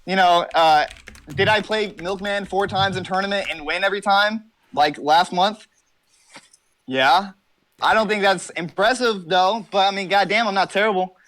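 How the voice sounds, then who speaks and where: A man's voice: high-pitched, normal speed, a bit bright. A young man talking from his car as an interview guest, joking, boasting and rambling with lots of swearing. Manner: brash, profane, rambling comic boasting.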